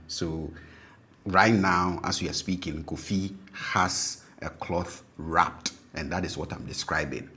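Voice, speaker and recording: Deep-voiced Ghanaian man teaching patiently. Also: fairly even intonation, sharp tone, a little hiss or hum. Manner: patient, repeats words slowly with frequent "okay?" check-ins. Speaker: language teacher. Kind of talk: explanatory language lesson.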